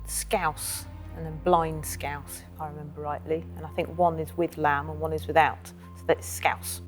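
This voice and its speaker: Low-voiced woman musing aloud. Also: little pitch movement, normal speed, faint music behind. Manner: musing, reasoning out loud. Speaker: quiz contestant. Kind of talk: thinking aloud on a quiz. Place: TV studio.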